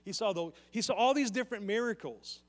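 In a church sanctuary, a pastor with a high voice preaches a sermon briskly, earnestly putting questions directly to his congregation. The recording carries the long reverb of a church hall.

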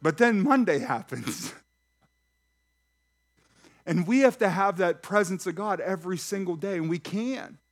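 Higher-voiced man preaching a lively sermon. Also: a little slow, long pauses. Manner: lively, talks directly to the congregation with questions and jokes. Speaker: pastor. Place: church sanctuary.

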